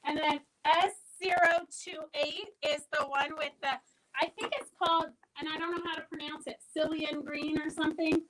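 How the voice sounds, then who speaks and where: Bright, high-voiced woman hosting a live sale. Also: fairly even intonation, moderate pace, low-quality recording. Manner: chatty, reads out and answers viewer comments. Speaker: host of a live online fabric sale. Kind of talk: casual live-stream sales chat.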